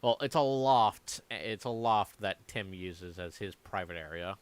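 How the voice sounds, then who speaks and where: A man with a deep voice acts as dungeon master for a live tabletop game, chatting casually with players at a measured pace. He swears often and tosses laughing asides to the players, with slight background noise in the recording.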